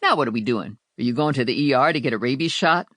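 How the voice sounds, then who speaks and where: A woman's voice: very deep voice, expressive, fast talker, fairly bright tone, no room sound, studio quality, heavily acted. A narrator voicing a brassy, outspoken woman sidekick with slangy, sassy talk in an audiobook. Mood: blunt. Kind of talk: audiobook character voice.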